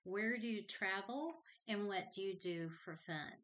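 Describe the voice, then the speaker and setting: A woman's voice: medium pitch, a little slow, fairly bright tone. A middle-aged woman hosting her own Christian podcast, talking earnestly and heartfelt as she shares a personal testimony. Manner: earnest and heartfelt, reads scripture aloud. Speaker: podcast host.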